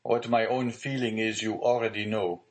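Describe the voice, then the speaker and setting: A man's voice: mid-range voice, expressive, a little slow, pitched above the performer's own voice, close to an everyday voice. A man reading the part of a pale, frightened magistrate who gives urgent, tense orders. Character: pale frightened male magistrate, anxious, commanding.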